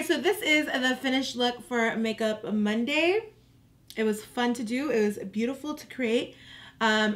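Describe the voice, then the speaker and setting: A young woman chatting casually to her viewers as she walks through a makeup tutorial. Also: a little high. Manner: chatty, relaxed, addresses viewers as "you guys". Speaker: beauty vlogger.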